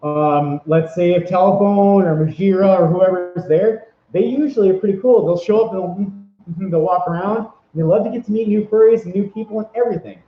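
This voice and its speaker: A man's voice: high voice, brisk, hardly any pauses. Rambling upbeat guy in an echoey room. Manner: rambling, upbeat, many fillers and restarts. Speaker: vlogger giving convention tips. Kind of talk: casual advice vlog. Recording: echoey room, dull lo-fi sound.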